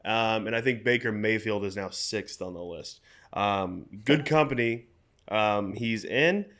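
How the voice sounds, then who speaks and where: A man's voice: on the low side, a little slow, fairly bright tone. Young man rattling off football stats. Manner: runs through stats, hesitant fillers. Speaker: podcast co-host. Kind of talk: casual sports chat.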